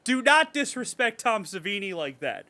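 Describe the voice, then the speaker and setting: High bright-voiced dude on a horror podcast, sarcastic and swearing a lot. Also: male voice, moderate pace. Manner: animated, sarcastic, swears often. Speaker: podcast co-host reading horror movie reviews. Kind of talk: casual podcast chat.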